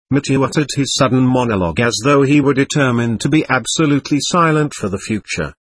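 A man narrating a novel as an audiobook in an expressive storytelling manner, close to the mic. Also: mid-range voice, fairly quick, hardly any pauses, slightly rough, dry recording.

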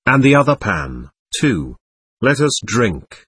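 A man reading the lines of an excitable, reckless young man who talks in a boisterous, impulsive way. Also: mid-range voice, slow, slightly rough, dry recording, heavily acted.

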